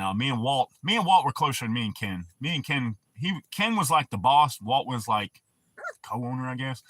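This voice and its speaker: A man's voice: mid-range voice, sharp tone. A man hosting a livestream, telling profane, rambling stories in casual talk and answering his chat. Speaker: livestream host.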